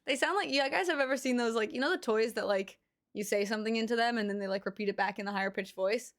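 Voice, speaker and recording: A woman's voice: fairly high pitch, quick pace. A woman livestreamer chatting casually with her viewers while reacting to pet videos, rambling with lots of fillers and cooing over the animals.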